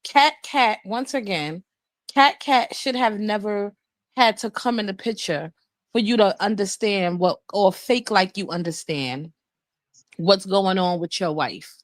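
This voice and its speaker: A woman's voice: mid-range voice, unhurried, dry recording. A woman co-hosting a livestream, giving blunt, profane gossip commentary in a casual chat. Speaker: livestream co-host.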